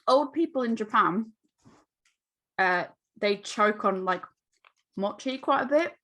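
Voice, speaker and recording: An American woman co-hosting a podcast in casual chat, animated and playful, often giggling. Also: mid-range voice, slow pace. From United States. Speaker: podcast co-host.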